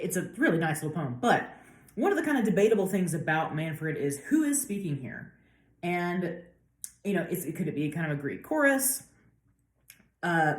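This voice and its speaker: A woman professor giving a casual literature lecture, paraphrasing the text in lively slang. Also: sits low, echoey room. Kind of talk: lecture with dramatic readings.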